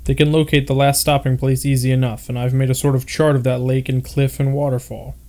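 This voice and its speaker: A man's voice: medium pitch, little pitch movement, fairly quick, warm tone, close to an everyday voice. A man voicing a boastful, scoffing wealthy young explorer in a read-aloud story. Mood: cocky.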